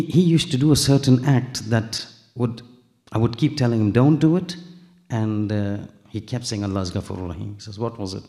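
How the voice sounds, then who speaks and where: A man's voice: fairly low pitch, dark tone. A man preaching a sermon, telling a story with acted dialogue, rising to emphatic peaks.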